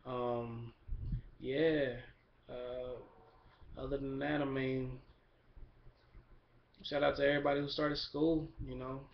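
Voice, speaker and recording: Young guy rambling into a dull lo-fi camera mic, flat voice, easygoing. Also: medium pitch, takes it slowly, vocal fry, pauses often, slight background noise. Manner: relaxed, rambling, lots of fillers. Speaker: vlogger. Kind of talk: casual video update.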